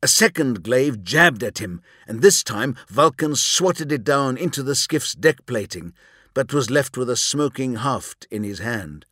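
A man's voice: mid-range voice, expressive, fairly bright tone, husky, no echo. Man narrating an audiobook, dry studio sound. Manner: measured, dramatic storytelling. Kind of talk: scripted narration.

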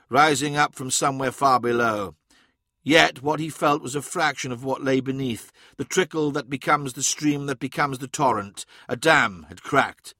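A man reading an audiobook in a measured, dramatic way. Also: medium pitch, bright, forceful tone, dry recording, clean studio sound. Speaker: narrator. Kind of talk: scripted audiobook narration.

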